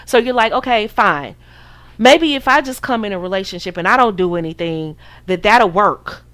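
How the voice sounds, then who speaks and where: A woman's voice: mid-range voice, animated, moderate pace, fairly bright tone. A woman from the United States hosting a podcast, giving casual dating advice in a preachy, sassy way and acting out her listeners' voices. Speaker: podcast host.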